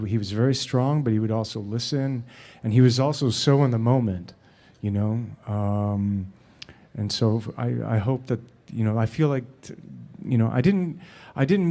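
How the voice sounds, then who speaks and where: A man in his fifties, a film director and actor, answering audience questions in a relaxed, halting way with many fillers and restarts. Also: on the low side. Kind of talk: relaxed storytelling in a live Q&A.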